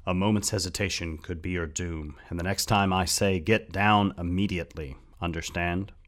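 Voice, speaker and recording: A stern, commanding hooded wizard, as a narrator puts him on, speaking in a deep, low voice. He gives grave, measured orders in a storybook reading. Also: fairly even intonation, a bit bright. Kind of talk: audiobook character reading.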